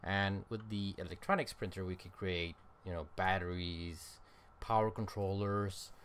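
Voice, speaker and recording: Slight background noise sits behind a deep, fairly bright male voice with fairly even intonation at normal speed. The game streamer offers casual let's-play commentary, thinking aloud in a rambling way full of ums and uhs, sounding tired and yawning.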